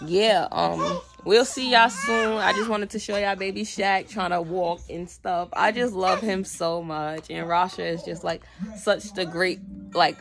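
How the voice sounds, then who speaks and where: A young woman and mother chatting casually in a vlog at home, relaxed and chatty with lots of fillers. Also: lowish voice, gravelly. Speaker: vlogger, mother. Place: home, indoors.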